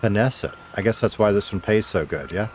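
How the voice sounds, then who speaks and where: Chatting easily with his viewers during a game stream, this middle-aged man, once a radio DJ, lets the occasional swear slip. He talks fairly quickly in a lowish voice, over slight background noise.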